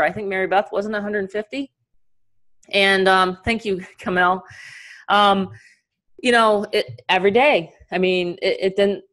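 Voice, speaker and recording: Woman, middle-aged, New York accent, slightly low voice, energetic, chatty, laughs often, online business coach, live webinar over video call.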